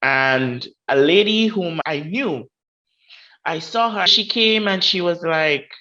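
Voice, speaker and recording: Grenadian woman, podcast guest, lively storyteller who acts out voices; muffled recording. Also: fairly low pitch, takes it slowly. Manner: vivid, acts out quoted voices. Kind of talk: personal storytelling.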